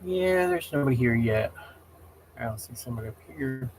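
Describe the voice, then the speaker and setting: Male streamer, casual chat, mid-range pitch, rambling, easily exasperated. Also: expressive, fairly quick, darkish tone, slight background noise. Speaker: livestream host.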